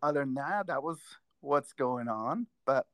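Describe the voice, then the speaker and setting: A man's voice: medium pitch, measured pace, smooth, dry recording. Chatty driving-instructor man telling stories. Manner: rambling, animated storyteller with many restarts. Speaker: driver's ed instructor and school teacher. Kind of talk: casual podcast chat, storytelling.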